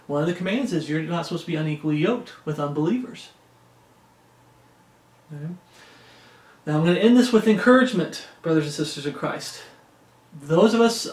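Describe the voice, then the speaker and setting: Male preacher, conversational Bible-study delivery with scripture readings, slightly high pitch, echoey room. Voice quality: conversational, frequent "uh" and "okay?" check-ins. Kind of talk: informal sermon with scripture reading. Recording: roomy echo.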